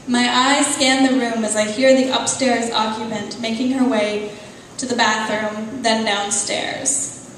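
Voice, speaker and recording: A woman author reading a passage of her novel aloud at a live event, at a measured, unhurried pace. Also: on the high side, slight background noise. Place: event venue, indoors. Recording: echoey hall, voice far from mic.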